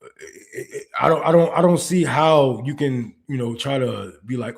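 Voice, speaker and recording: A man's voice: mid-range voice, moderate pace, gravelly. A man hosting a political commentary stream, ranting with profanity and rhetorical questions. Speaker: podcast host.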